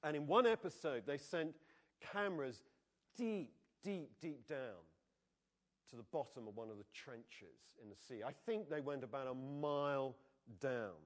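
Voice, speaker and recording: A man preaching a sermon in a church, conversational and animated, often putting questions to the congregation. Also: mid-range voice, unhurried.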